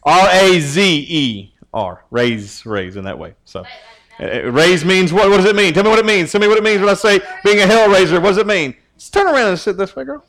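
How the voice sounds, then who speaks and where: A youth pastor gives a relaxed sermon. He teases his listeners and keeps throwing questions at them, his voice sitting slightly high for a man. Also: fast talker. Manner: joking, teasing, asks the group questions.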